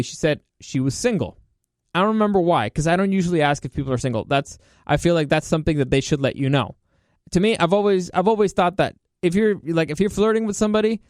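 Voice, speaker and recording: A man's voice: a little high, dry recording, studio quality. A young man hosting a podcast, telling stories in a loose, rambling way and laughing as he goes. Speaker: podcast host. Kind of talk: casual Q&A storytelling.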